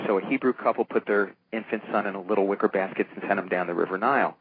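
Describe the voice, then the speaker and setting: An older man with a lowish voice spins long anecdotes, slipping into the voices of the people in them. He comes through a thin, phone-like line with a faint hiss behind him. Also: fast talker. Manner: animated storyteller acting out quoted voices. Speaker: interview guest, comic book producer. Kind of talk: storytelling in a casual interview. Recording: tinny phone-line sound with faint noise.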